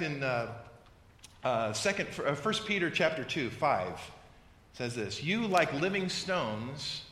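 A man's voice: fairly high pitch, bright, forceful tone. A pastor from the United States preaching a sermon and reading scripture aloud, with playful mock voices for his examples. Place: church sanctuary. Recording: echoey hall, long reverb.

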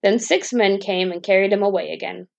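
A woman reading a fairy tale aloud as a bedtime story, in a calm, even storytelling manner. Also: mid-range voice, fairly quick, gravelly.

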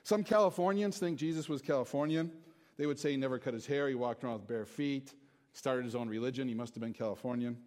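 A man's voice: medium pitch, fast, a little mellow. A man giving a casual, joking sermon to a congregation in a church, chatty and self-deprecating. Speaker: pastor. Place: church hall before a congregation.

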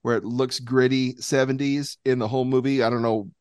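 A man's voice: mid-range voice, flat delivery, a little fast, darkish tone, smooth, dry recording, studio quality. Rambling man co-hosting a podcast. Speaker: podcast co-host. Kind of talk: casual chat.

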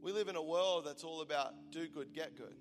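A man in his forties preaching a sermon in a large church, shifting between fervent declarations and quiet, intimate appeals. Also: a little high, a little fast. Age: 40s. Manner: impassioned, swinging from loud declaration to hushed intimacy. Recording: large hall reverb with soft music behind.

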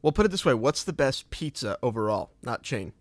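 A man's voice: medium pitch, big pitch swings, brisk, dry recording. A young man co-hosting a podcast from his bed at home, teasing his friends in a laid-back way and swearing now and then. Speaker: podcast co-host. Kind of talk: casual chat. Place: bedroom at home. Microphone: home mic on a stand.

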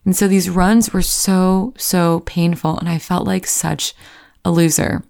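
Candid woman with a gravelly low voice. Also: fairly even intonation, a little slow, a little mellow. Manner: candid and self-deprecating, acting out her own inner voice. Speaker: vlogger. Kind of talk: personal storytelling to camera.

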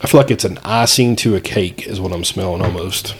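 A man's voice: low-pitched, a little fast, noisy background. A man co-hosting a casual podcast chat, explaining things step by step with frequent restarts. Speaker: podcast co-host.

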